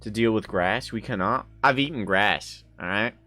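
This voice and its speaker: A man's voice: fairly low pitch, pushed and bright, faint music behind. A young man streaming live, chatting casually with viewers in a playful, rambling way and arguing jokingly. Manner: playful, rambling, quick to laugh and argue jokingly. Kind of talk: casual chat reacting to viewer chat.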